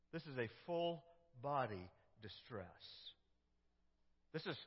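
A pastor preaching a sermon in a church, dramatic, moving from loud cries to hushed prayer. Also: male voice, medium pitch. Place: church sanctuary. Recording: dull, echoey church sound.

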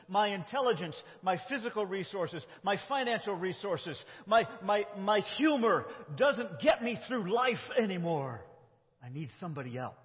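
A man preaching a conversational sermon, moving between loud and quiet phrases. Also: on the high side. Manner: conversational, with shifts between loud and soft delivery. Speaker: pastor. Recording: dull sound with long hall reverb.

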